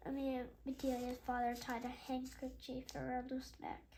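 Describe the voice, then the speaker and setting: A woman reading a children's chapter book aloud, slowly and carefully, with small slips and chatty asides between passages. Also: high voice, monotone, mellow, slight background noise. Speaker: read-aloud host.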